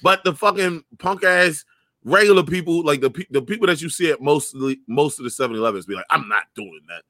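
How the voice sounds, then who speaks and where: A young man in casual chat, telling stories loudly with slang and lots of swearing. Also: on the high side, brisk, no room sound, clean studio sound. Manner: loud, profane, animated storytelling with slang.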